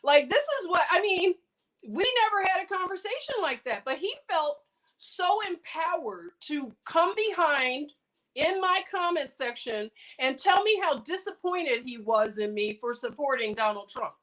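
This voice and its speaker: A woman hosting a livestream, telling a story in an animated, emphatic and indignant way. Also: high voice, measured pace. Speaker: livestream host. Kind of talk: casual storytelling chat.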